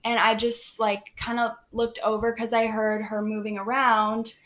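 A teenage girl telling a story in casual chat, talking quickly with lots of "like" and acting out the quoted lines. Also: a little high, little pitch movement, a bit bright. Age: teens. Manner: chatty, heavy use of "like", acts out quoted lines.

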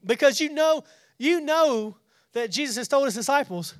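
A man's voice: very high-pitched, expressive, normal speed, dry recording. A man preaching a casual Bible study, talking conversationally, often repeating and restarting words, and paraphrasing scripture in everyday speech.

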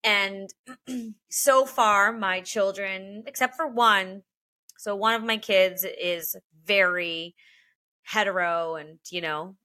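A woman's voice: medium pitch, slow pace, bright, forceful tone. A woman in her thirties, a podcast co-host, chatting candidly and emotionally and swearing freely. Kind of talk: casual chat.

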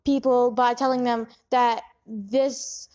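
High-voiced woman hosting an improv interview. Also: steady tone, slow pace, a little mellow, dull audio. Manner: probing, incredulous questions. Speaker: interviewer host.

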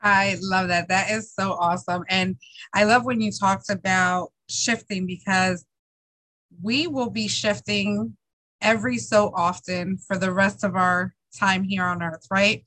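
Woman, podcast host, enthusiastic, warm praise, bright tone, dry close recording. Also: mid-range voice, steady tone, a little slow, no room sound, poor audio. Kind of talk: interview chat.

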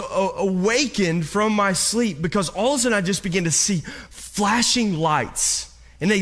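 A high, fairly bright male voice belongs to a pastor preaching. He looks right at his congregation while recounting something personal, his sermon dotted with restarts and repetitions.

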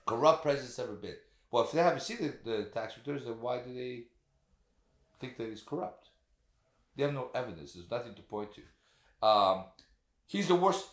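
Male podcast co-host, mid pitch, very lively delivery, swears freely, keeps asking "right?" and "okay?", echoey room. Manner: animated, profane, rhetorical questions. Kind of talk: casual political chat.

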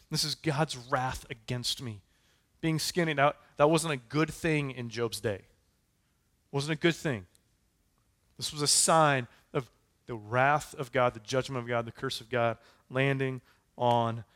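A man's voice: mid-range voice, fairly bright tone. A man preaching a sermon in a conversational way, with casual fillers and asides. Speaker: pastor.

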